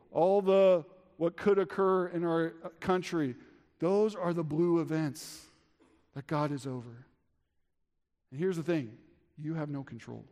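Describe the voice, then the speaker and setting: Male pastor, 30s, earnest sermon delivery, emphatic peaks then hushed drops, slightly high voice. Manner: earnest, rising to emphatic peaks and dropping low. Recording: long hall reverb.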